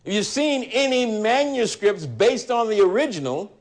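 A man teaching a Bible study sermon in a deliberate, emphatic way, repeating his key lines. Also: high-pitched, expressive.

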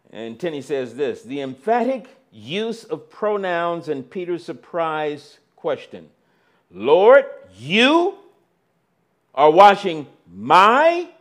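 Slow, deliberate male preacher. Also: a little high. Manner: slow and deliberate, with dramatic swings in loudness. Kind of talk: sermon.

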